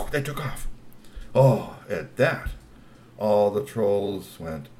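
A man's voice: fairly low pitch, lively intonation, moderate pace. A man telling a long story with exclamations, laughing asides and repeated words. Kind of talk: animated oral storytelling.

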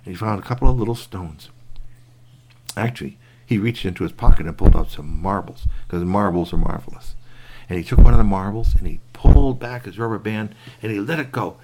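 A man telling a bedtime story to a child, animated, with sound effects and asides to the listener. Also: fairly low pitch, brisk, noisy background.

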